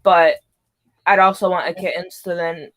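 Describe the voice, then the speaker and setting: A woman's voice: on the low side, flat delivery, normal speed, a bit bright. A young woman co-hosting a casual podcast, easygoing and trailing off at times. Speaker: podcast co-host. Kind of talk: casual chat.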